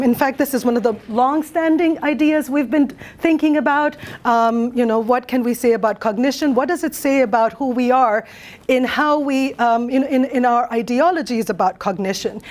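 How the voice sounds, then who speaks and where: A native Bengali-speaking woman in middle age presents her academic research. Her voice sits a little high, and she talks thoughtfully and earnestly, pausing on fillers and restarting her phrases.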